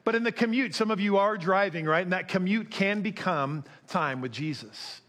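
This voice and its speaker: A man's voice: sits high, moderate pace, a bit bright. A man preaching a sermon as pastor, conversational, asking the congregation questions and acting out quotes.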